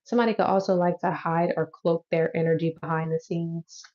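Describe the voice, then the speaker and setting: Casual low-voiced woman tarot reader. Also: steady tone, a little fast, darkish tone. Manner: loose, chatty, swears and laughs easily. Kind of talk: casual tarot reading to camera. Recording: dull lo-fi audio.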